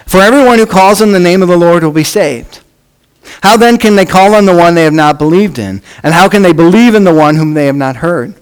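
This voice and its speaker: A man preaching a sermon, with measured phrasing that drops off at the ends of lines. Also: high voice, lively intonation, smooth, low-quality recording. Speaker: pastor.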